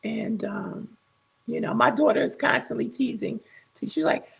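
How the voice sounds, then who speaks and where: Gravelly high-voiced woman in her 60s. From southern United States. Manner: chatty, laughs often, drawn-out thanks. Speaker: livestream host. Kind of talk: casual live chat greeting viewers.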